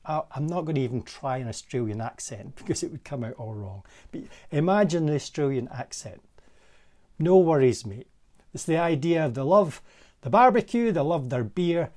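A man with a Scottish accent, a parish minister giving a gentle, conversational reflective sermon from a room in his manse. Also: fairly high pitch. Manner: gentle, conversational, with pauses and soft laughs.

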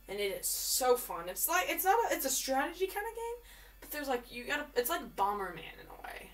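A woman giving live commentary while she plays a game, chatty and excitable, often repeating words in quick bursts. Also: medium pitch, recorded from a distance. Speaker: gamer.

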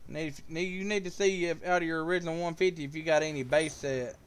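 A man's voice: fairly high pitch, steady tone, fast, clean tone. A man giving casual live gameplay commentary, joking with viewers and calling out their names. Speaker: live streamer.

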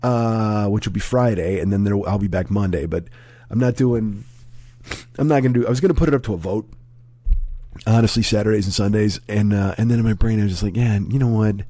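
Hoarse, sick man with a low voice. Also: fairly quick, dark tone, no room sound. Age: 40s. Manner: profane, rambling, self-deprecating. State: hoarse, sick with a sore throat. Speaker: comedy podcast host. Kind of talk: casual rambling monologue. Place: at home.

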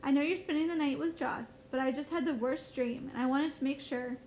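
A woman's voice: sits high, fairly quick, darkish tone, a little hiss or hum, low-quality recording. A woman teacher reading aloud as an anxious mother who urgently insists on being heard. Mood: insistent. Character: anxious mother shaken by a dream.

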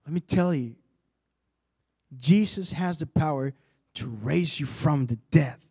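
Man, preacher, sermon, high-pitched, slow deliberate delivery, impassioned. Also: gravelly, husky. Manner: impassioned, builds to loud exhortation.

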